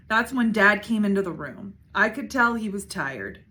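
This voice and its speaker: A woman, a school principal, reading a children's book aloud with expressive narration. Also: mid-range voice, moderate pace, few pauses. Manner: expressive, shifting voices for characters.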